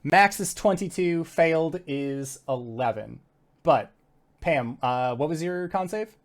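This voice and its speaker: Guy running a tabletop game, unhurried, gets loud and animated with the characters. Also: fairly high pitch. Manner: animated, bursts into loud shouted character lines. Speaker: game master.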